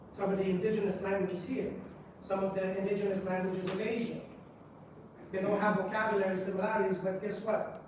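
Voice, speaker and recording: A man giving a conference presentation to a live audience, drawing listeners in with questions and repeated "right?" checks. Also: sits high. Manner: engaging, quizzes the audience with rhetorical questions. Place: public library meeting room. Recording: echoey room, voice from a distance, background noise.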